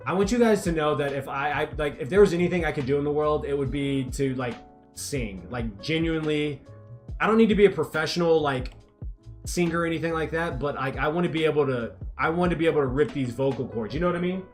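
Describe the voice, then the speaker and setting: A rambling young man talks loosely through a gaming livestream, reading chat aloud and ribbing his viewers. His voice sits a little high, with faint music under it. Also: fast talker.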